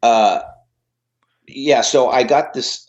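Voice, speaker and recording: A man's voice: medium pitch, slow. A middle-aged man, a musician, telling rambling stories in a casual interview, full of fillers and restarts. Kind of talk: casual anecdotal storytelling. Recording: dull lo-fi audio.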